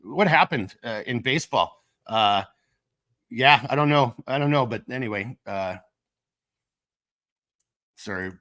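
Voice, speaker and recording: A middle-aged man with a Minnesotan accent hosts a casual livestream while coming down with a cold. His voice is bright and forward, and he rambles along, cracking self-deprecating jokes. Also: medium pitch, lively intonation, measured pace, pauses often. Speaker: livestream host of a gear company channel.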